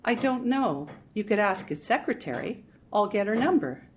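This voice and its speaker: A woman's voice: mid-range voice, sing-song, normal speed, a little hiss or hum, pitched above the performer's own voice, natural voice. Woman narrator doing the flighty, theatrical sister; audiobook character voice. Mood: chatty. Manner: gushing and theatrical. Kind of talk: audiobook reading.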